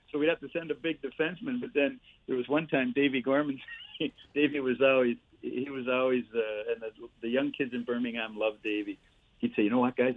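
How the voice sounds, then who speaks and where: A man in his sixties spins lively hockey anecdotes, tagging lines with "eh" and laughing as he goes. His voice comes through a thin, phone-like line with a dry, close sound. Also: mid-range voice, no echo. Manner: animated anecdotes with laughs and "eh" tags. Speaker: guest, former player and coach. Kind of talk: storytelling interview.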